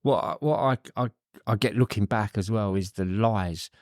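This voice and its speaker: A man's voice: on the low side, moderate pace, dry recording, clean studio sound. Candid man telling his story. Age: middle-aged. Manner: rambling, swears, many fillers and restarts. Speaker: podcast guest.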